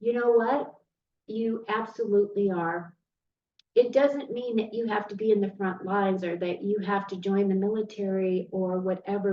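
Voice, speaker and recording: A woman giving a tarot reading straight to the viewer, earnest and easily moved, recorded from a distance in a roomy space. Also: mid-range voice. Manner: earnest, emotional, speaks directly to the viewer. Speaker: tarot reader. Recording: roomy, distant, dull sound with faint noise.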